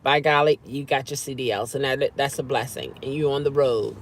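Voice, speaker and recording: A woman's voice: extremely low pitch, fairly even intonation, a little fast, hardly any pauses. A woman vlogging casually from her car, chatting and humming over her food. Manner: chatty, savoring food with hums. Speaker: vlogger and rideshare driver. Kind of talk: casual chat while eating in a car.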